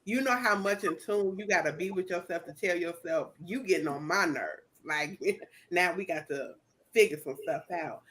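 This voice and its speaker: A woman's voice: lowish voice, moderate pace, a bit bright. A woman co-hosting a podcast, talking casually and reflectively about a favorite song's lyrics. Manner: reflective, chatty, many fillers. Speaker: co-host.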